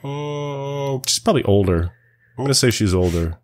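A man's voice: medium pitch, lively intonation, normal speed, no echo. A man around forty, a podcast guest in casual chat, laid-back and swearing freely as he tells stories.

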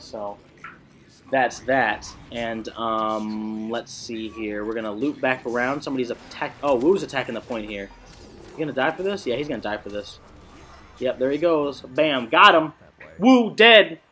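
A young man giving excitable gameplay commentary, swearing often and laughing a lot. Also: medium pitch. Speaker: gamer.

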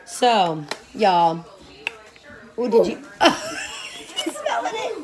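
A woman's voice: fairly high pitch, huge pitch swings, extremely slow, crowd noise. A woman hosting a casual unboxing vlog at home, reading product names aloud, exclaiming and laughing, and scolding interrupting children. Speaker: vlog host unboxing a subscription box. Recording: noisy home recording with children talking over.

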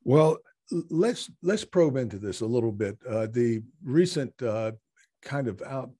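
A male podcast host muses aloud in an interview, pausing often to find his words. His voice sits at an ordinary pitch, and it is recorded dry with no room around it. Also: lively intonation, mellow, husky, no echo. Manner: hesitant, many uh fillers, thoughtful. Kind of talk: conversational interview. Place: Tokyo.

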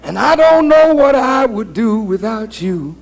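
High-voiced preacher, animated and comic. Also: male voice, measured pace, gravelly, a little hiss or hum. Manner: animated, humorous preaching with mimicry. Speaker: minister. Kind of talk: sermon. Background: congregation.

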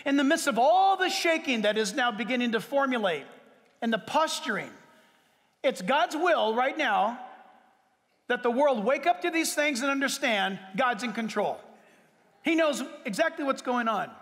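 A man preaching a sermon as pastor to his church, emphatic, with sudden leaps in pitch and long drawn-out words. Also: expressive, fairly bright tone. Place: church sanctuary. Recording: reverberant hall.

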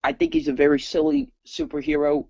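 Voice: medium pitch, very animated, fairly quick, vocal fry, over a noisy crowd. An eager guest on a casual live stream, jumping in to share opinions. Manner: eager, jumps in to try impressions. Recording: dull, dry lo-fi audio.

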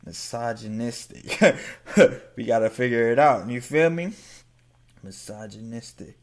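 A man hosting a reaction video, laughing often and repeating the lines he hears back in excitement. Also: medium pitch, normal speed. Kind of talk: casual reaction commentary.

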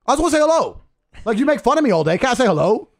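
A man from England telling a story on a podcast, boastful and animated, laughing often. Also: very high voice, rapid-fire. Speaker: guest.

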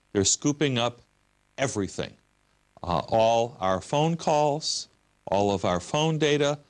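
An American man, a guest on a broadcast religious interview, arguing his case passionately and with emphasis, stacking up repeated words and lists. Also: medium pitch. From United States.

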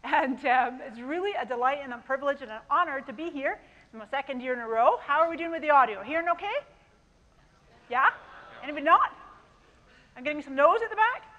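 A woman's voice: high-pitched, animated, brisk, long pauses, bright, forceful tone, lo-fi sound. A middle-aged woman with a mixed Canadian and Scottish accent gives an enthusiastic, chatty keynote talk in a large conference hall on a lapel mic. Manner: enthusiastic, chatty, talks to the crowd.

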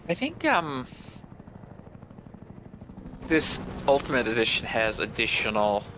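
A man's voice: medium pitch, big pitch swings, slow, noisy background. A man co-hosting a game stream, chatting casually with dry, meandering jokes. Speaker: co-host. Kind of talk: casual gaming chat.

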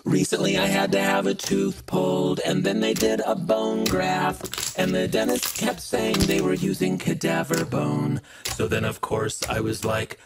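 Gravelly, lively woman telling a story. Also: deep voice, unhurried. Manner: chatty, animated, laughs at own story. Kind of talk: casual spoken anecdote. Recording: loud music under the voice.

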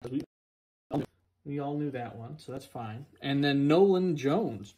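A man's voice: mid-range voice, lively intonation, mellow, a little hiss or hum. A man reading out player names during a card box break, with playful asides. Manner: slow, singsong name-calling with playful asides.

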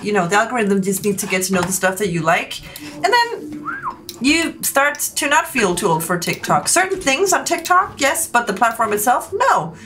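A woman's voice: a little high, big pitch swings, moderate pace, fairly bright tone. A middle-aged woman, a game developer, chatting playfully and teasing her co-player during a gameplay session. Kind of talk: casual gameplay chat.

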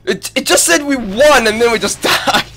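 A man calls out live gameplay in a high, sharp voice that swings widely in pitch. He erupts into excited exclamations and curses, with faint room noise behind him. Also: moderate pace. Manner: excitable, loud exclamations and swearing. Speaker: gaming streamer.

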